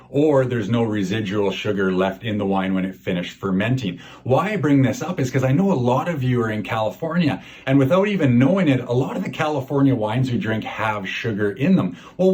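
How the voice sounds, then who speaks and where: A man's voice: mid-range voice, darkish tone. A man from Canada guiding a virtual wine tasting for a charity event, upbeat, chatty and a bit salesy.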